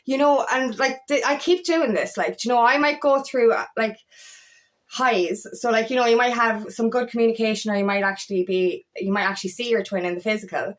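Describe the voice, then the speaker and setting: Woman life coach, casual vlog delivery, higher-pitched, blunt and emphatic with frequent swearing. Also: steady tone, a little fast. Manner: emphatic, swears freely, rising to exasperated outbursts. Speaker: feminine empowerment coach. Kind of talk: casual talk to camera.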